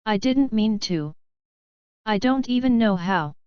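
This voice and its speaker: A woman voicing a gentle, soft-spoken young werewolf princess, in an audiobook. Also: medium pitch, expressive, unhurried, smooth, dry recording, highs cut off, natural voice.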